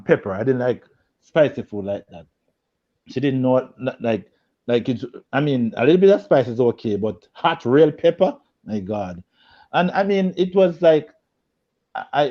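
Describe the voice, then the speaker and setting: Man, animated storyteller, muffled video-call sound. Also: medium pitch. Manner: animated storyteller, laughs a lot, acts out quotes loudly. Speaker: guest. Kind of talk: storytelling in a group video chat.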